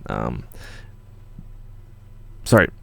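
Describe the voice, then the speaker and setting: A young man from Canada hosting a live studio Q&A stream, telling rambling stories in a laid-back way with lots of fillers and swearing. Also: drawn-out words. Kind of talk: casual livestream chat. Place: home studio.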